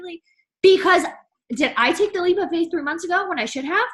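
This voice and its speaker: A woman's voice: very high voice, a little fast, a bit bright. A young woman giving a fired-up motivational team talk, preachy and emphatic, peppering her lines with "like" and "right?".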